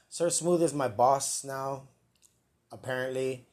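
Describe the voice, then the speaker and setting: A man's voice: mid-range voice, takes it slowly, a little mellow. A man hosting a live comedic podcast, rambling, joking and swearing at himself. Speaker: podcast host. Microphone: earpiece and mic, live stream.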